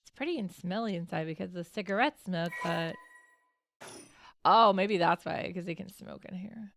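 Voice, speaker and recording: Over game music, a woman streamer offers casual let's-play commentary, chatting, giggling, and reading the game's dialogue aloud. Her voice is fairly low and creaky yet fairly bright, and she talks at a normal speed.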